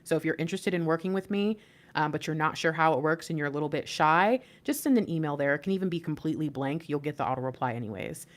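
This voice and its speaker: Low-voiced woman giving an emphatic pep talk. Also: lively intonation, fast talker. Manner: emphatic, preachy pep talk with casual slang. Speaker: intuitive reader and life coach. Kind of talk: spiritual reading and channel talk.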